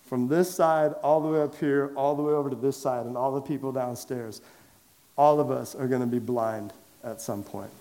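A man preaching to a large church congregation, conversational and lively, asking them direct questions and raising his voice for emphasis. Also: medium pitch, moderate pace. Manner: lively and conversational, swings from quiet asides to loud emphatic calls. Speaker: pastor. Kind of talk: sermon. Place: large church sanctuary with a downstairs.

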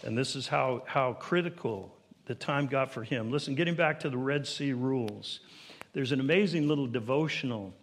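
A man preaching a sermon to his congregation, building to emphatic, higher-pitched peaks and asking them questions directly. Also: normal speed. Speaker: pastor.

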